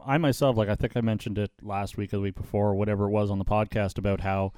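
Man, podcast host, low voice, rambling storyteller, dry close sound. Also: little pitch movement, fast, warm tone, clear, resonant tone, no room sound. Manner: rambling storyteller, many restarts and fillers. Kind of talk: casual podcast chat.

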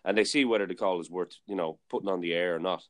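Male podcast host, lower voice, loose chatty storyteller. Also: quick pace, a bit bright. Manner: rambling storyteller, many fillers and restarts. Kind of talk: casual chat.

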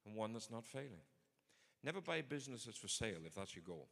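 A man's voice: lowish voice, big pitch swings, fast, gravelly, breathy edge, in a large hall. A man preaching a sermon in a conversational but emphatic way. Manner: conversational, emphatic, builds to forceful points.

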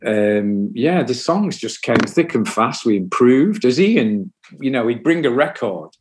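An older man, a musician telling anecdotes at his own loose, rambling pace. His voice sits at an ordinary middle pitch, and he swears freely as the stories roll on. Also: sing-song, measured pace. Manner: rambling anecdotes, frequent swearing, acts out other people's voices. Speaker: musician guest. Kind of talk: casual storytelling interview.

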